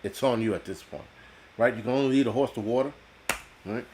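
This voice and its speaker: A man's voice: medium pitch, fairly quick, mellow, slight background noise. A man hosting a live stream, ranting casually and bluntly with a lot of swearing and reading out viewer comments. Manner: profane, blunt, reads chat aloud. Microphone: computer mic on a video call.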